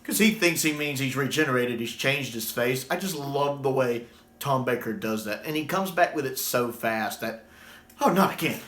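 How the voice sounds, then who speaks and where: A man in casual fan commentary, enthusiastic and animated whenever he repeats a favorite line. His voice sits mid-range. The room around him is echoey. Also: mid-range voice, moderate pace. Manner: enthusiastic, animated when quoting lines. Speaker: YouTube commentator. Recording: roomy echo.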